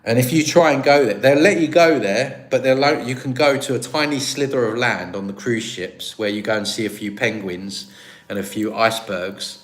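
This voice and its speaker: This British man hosts a livestream in a mid-range voice at an ordinary speed. He chats casually and responds to viewer comments, rambling and poking fun at himself.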